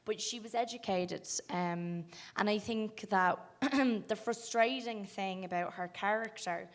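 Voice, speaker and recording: A young woman with an Irish accent, an actress chatting thoughtfully in an interview, with frequent pauses and ums. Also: mid-range voice. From Ireland. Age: young adult. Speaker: film actress guest. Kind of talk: casual interview chat.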